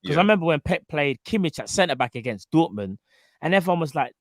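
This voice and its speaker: A man's voice: mid-range voice, lively intonation, fast, few pauses, no room sound. A man co-hosting a casual fan chat show, rambling with many fillers and trailing off. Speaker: co-host.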